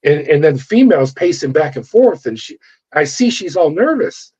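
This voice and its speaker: A man's voice: a little high, big pitch swings, moderate pace, mellow, breathy edge. A middle-aged man from California, a former corrections officer, telling his story in an interview and acting out the voices of the people in it. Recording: dull lo-fi audio.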